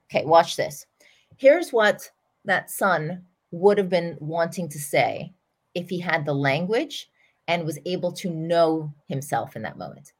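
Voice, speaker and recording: A middle-aged woman, a parenting coach, talking through an example in an earnest, animated way as a podcast guest. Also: lowish voice, measured pace, slightly rough. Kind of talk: storytelling explanation in an interview.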